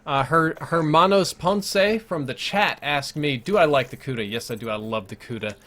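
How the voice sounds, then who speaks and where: A man's voice: a little high, normal speed, a bit bright. A man hosting a live gameplay stream, chatting casually, reading viewer messages aloud and making wry joking asides. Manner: chatty, reads viewer chat aloud between plays. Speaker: gaming livestream host.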